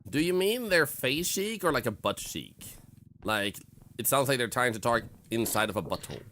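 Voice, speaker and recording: A man's voice: medium pitch, animated, normal speed, bright, forceful tone. A Swedish man streaming a game in English, rambling and joking with his chat. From Sweden. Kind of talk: casual live-stream chat.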